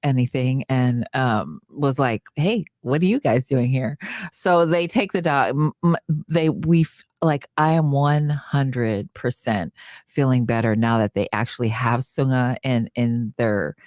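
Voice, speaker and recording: A woman's voice: a little slow, dry recording, clean studio sound. A woman co-hosting a podcast, telling a story in casual chat and acting out the quotes in a raised voice. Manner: animated storyteller, acts out quotes in a high voice. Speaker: podcast co-host.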